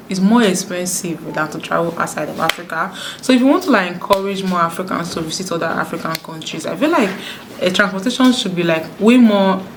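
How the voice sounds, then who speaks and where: A woman from Nigeria talking fast to camera in a sit-down vlog, with frequent restarts. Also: fairly low pitch, noisy background. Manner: talks fast, many restarts. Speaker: YouTuber. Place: indoors, sit-down video.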